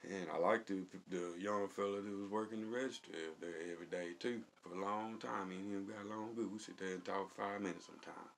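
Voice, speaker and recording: A man's voice: fairly low pitch, steady tone, fairly quick, creaky, hardly any pauses, a little hiss or hum. A man telling rambling, colloquial stories in a casual vlog, chuckling often. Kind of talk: casual storytelling.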